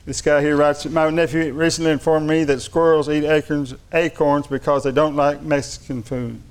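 Slightly high-voiced male preacher. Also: little pitch movement, normal speed, clean tone. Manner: reads funny anecdotes aloud and laughs along; shifts between light storytelling and earnest preaching. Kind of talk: sermon.

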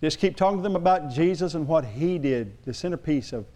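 Man, middle-aged pastor, sermon, rambling storyteller, slightly high voice. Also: expressive, a little fast, warm tone.

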